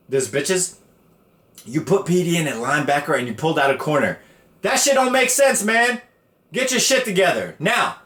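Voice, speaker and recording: A man hosting a podcast, ranting through a story with profane, slangy energy. His voice sits a little high. The room gives it a noticeable echo. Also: a bit bright. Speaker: podcast host. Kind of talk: casual storytelling rant.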